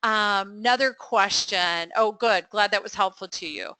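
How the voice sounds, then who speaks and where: Middle-aged woman, webinar Q&A host, encouraging, bright tone, dry close mic. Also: medium pitch, no room sound. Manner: upbeat and encouraging, quick affirmations, frequent fillers. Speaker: coaching instructor hosting a webinar Q&A. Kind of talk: live webinar Q&A.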